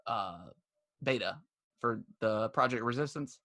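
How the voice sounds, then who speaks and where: Man, podcast co-host, casual and rambling, mid-pitched voice. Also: expressive, a little slow, sharp tone. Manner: rambling, many restarts and fillers; laughs while retelling stories. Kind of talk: casual chat.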